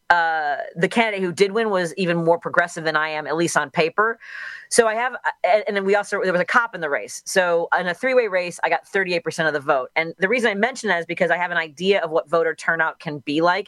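A woman's voice: on the low side, a bit bright, no echo. A middle-aged woman from Chicago, a radio host speaking as a guest in a radio interview, candid and thinking aloud with restarts.

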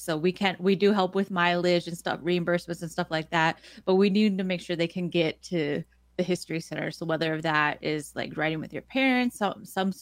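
A woman's voice: lowish voice, dry recording, clean studio sound. A woman from Minnesota, a program manager guest on a radio show, talking casually and laughing often. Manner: friendly, laughs often, informal fillers.

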